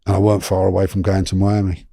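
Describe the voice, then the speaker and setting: Gravelly man telling a story. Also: low-pitched, fast, no room sound, studio quality. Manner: animated, chatty, lots of restarts and slang. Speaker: guest. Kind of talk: storytelling in a podcast interview.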